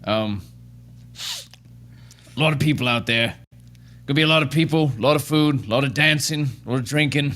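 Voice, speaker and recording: GM voices a burly, foul-mouthed innkeeper with a bright, plain voice. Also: male voice, mid-range voice, fairly quick, long pauses, natural voice. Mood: grudging. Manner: gruff, swearing, grudgingly friendly. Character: big gruff male innkeeper, blunt and crude. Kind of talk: tabletop role-play in character.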